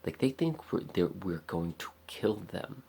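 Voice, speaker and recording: Deep gravelly man venting profanely. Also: big pitch swings, unhurried, dark tone. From America. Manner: profane, rambling, frustrated. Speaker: vlogger. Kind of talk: raw personal vlog monologue.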